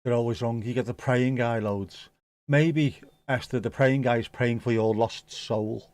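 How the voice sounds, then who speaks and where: A man's voice: medium pitch, steady tone, a little slow, a little mellow, no room sound. A man casually commenting on a football match for a live watchalong, joking and reading out viewer comments. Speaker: watchalong host.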